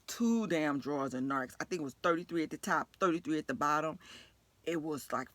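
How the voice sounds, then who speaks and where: Animated New York woman telling a work story. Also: low-pitched, brisk, no echo. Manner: animated, profane, laughing storytelling. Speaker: nurse. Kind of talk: storytime vlog.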